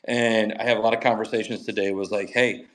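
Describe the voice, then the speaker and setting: A man's voice: lowish voice, fairly even intonation, fairly quick, rough recording. A middle-aged man, a mental skills coach, talking energetically on a podcast and acting out quoted dialogue. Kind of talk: enthusiastic podcast storytelling.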